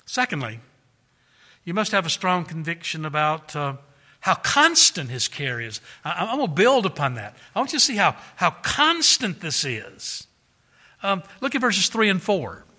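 Earnest high-voiced man preaching, hall reverb. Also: very animated, unhurried, pushed and bright. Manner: earnest, repeats words, acts out quotes with raised voice. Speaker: pastor. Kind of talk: sermon.

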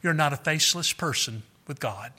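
Earnest high-voiced man preaching, hall reverb. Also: animated, moderate pace, sharp tone. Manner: earnest, repeats words, acts out quotes with raised voice. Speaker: pastor. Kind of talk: sermon.

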